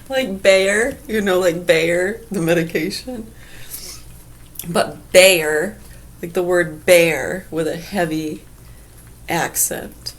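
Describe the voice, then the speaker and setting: A woman rambling in a casual vlog monologue, crude and profane, laughing often, with a slight whistle through gaps in her teeth. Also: on the low side. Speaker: vlogger.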